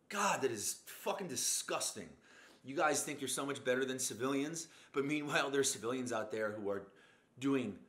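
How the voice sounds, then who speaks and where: A show host delivers a rambling, profane motivational rant, blunt and cursing constantly as he wanders off on tangents. His pitch is fairly low, his tone fairly bright, and the sound is reverberant.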